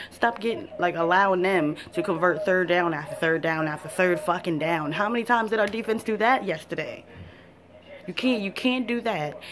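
Fired-up cursing woman football fan. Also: mid-range voice. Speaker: sports fan vlogger. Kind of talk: profane football rant to camera.

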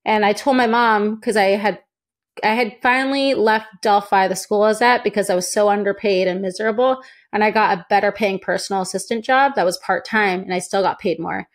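A young woman from the United States, a guest telling her own story in a chatty, lively way and acting out quoted voices. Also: medium pitch, fairly quick. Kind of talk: casual interview storytelling.

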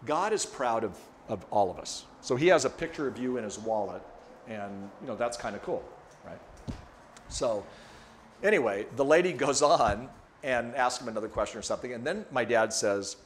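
An older man telling a personal story to a room of listeners, his pitch rising and falling freely as he acts out the people in it. Faint background noise runs under his voice. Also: animated, a little fast. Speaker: speaker teaching a lecture. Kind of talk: devotional talk to an audience. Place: room with an audience.

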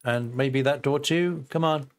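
A man's voice: mid-range voice, unhurried. An older man giving casual let's-play commentary, chatting and thinking aloud to his viewers as he plays. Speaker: gameplay host.

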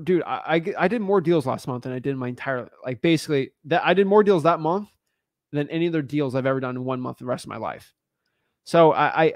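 Guy hosting a live stream, blunt and pushy, kinda high voice, dry close mic. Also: no echo. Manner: emphatic, blunt, slangy. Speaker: host.

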